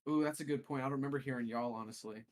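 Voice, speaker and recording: A man's voice: mid-range voice, very fast, darkish tone. A man telling a long, rambling story as a co-host in a casual podcast chat. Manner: rambling storyteller, restarts often.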